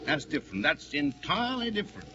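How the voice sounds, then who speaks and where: An actor gives a pompous, blustering husband who lectures in a bright, lively voice. The old radio drama sounds muffled and hissy. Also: male voice, a little high, quick pace. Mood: grumbling. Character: blustering working-class husband, pompous and grumbling. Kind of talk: 1940s radio acting. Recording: muffled 1940 radio broadcast with hiss.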